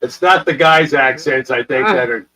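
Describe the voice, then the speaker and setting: A man with a deep radio voice co-hosting a casual live-stream chat in a playful, joking way. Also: normal speed, pushed and bright.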